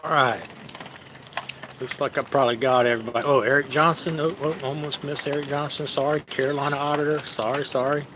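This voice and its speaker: A man hosting a live cooking stream, talking casually to viewers in a halting, easygoing way with many fillers. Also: medium pitch, fairly even intonation, background noise.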